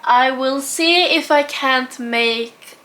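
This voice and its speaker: Young woman vlogging, high voice, ranting away with lots of "like". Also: slow pace. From Norway. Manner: animated, exasperated ranting with lots of "like". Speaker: travel vlogger. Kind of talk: casual storytelling to camera.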